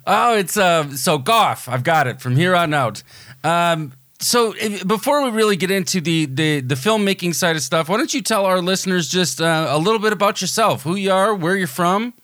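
American male podcast host, slightly high voice, rambling and eager, dry close sound. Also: animated, normal speed, fairly bright tone, no room sound. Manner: rambling, enthusiastic, many fillers and restarts. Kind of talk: casual podcast interview.

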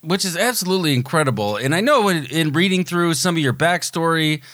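A man's voice: a little high, animated, brisk, a bit bright, dry recording, studio quality. An American man hosting a movie podcast, talking in a rambling, enthusiastic way with many fillers and restarts. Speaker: podcast host. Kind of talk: casual podcast interview.

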